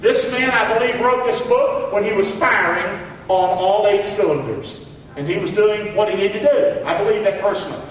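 A man's voice: sits high, normal speed, slight background noise. A man pastor preaching a sermon, calling on the congregation to repeat words back. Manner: preaching with call-and-response to the congregation. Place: church hall. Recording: echoey hall from far off.

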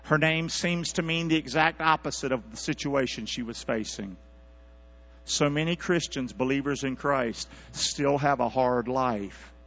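A man preaching a sermon as pastor, calling out for responses from his congregation and swinging from quiet asides to loud, high-pitched exhortation. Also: measured pace, soft background music. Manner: calls for congregation responses, animated rising delivery. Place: church sanctuary. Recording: dull lo-fi church recording with mains hum.

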